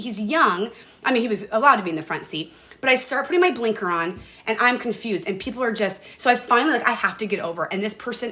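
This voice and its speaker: A woman's voice: mid-range voice, expressive, fast talker, sharp tone. A woman in her forties chatting casually on a livestream from her phone, rambling and emotional, with casual swearing. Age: 40s. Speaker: livestream host. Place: home, stepping outdoors to a bird feeder.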